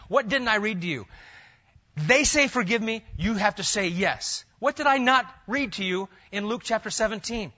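Emphatic preacher man, loud then hushed. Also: sits high, animated, moderate pace. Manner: dramatic, swinging from loud emphatic bursts to hushed near-whispers. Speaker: pastor. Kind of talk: sermon. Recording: dull lo-fi church recording.

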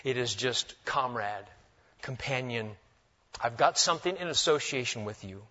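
A man preaching a sermon, swinging between loud emphasis and hushed, humorous asides. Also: mid-range voice, expressive, moderate pace. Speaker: pastor. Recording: dull lo-fi recording.

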